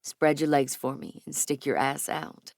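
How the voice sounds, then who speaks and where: A woman narrator voicing an adult man as a lover, speaking low, slow and murmured. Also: gravelly, dry recording, clean studio sound, exaggerated voice. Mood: intimate.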